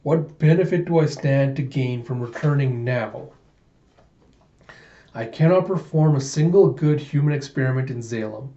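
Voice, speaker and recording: A man's voice: medium pitch, normal speed, dark tone, natural voice. A man voicing a smug, childish mad scientist who gets giddy over dessert, in a roomy, dull lo-fi recording. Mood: gloating.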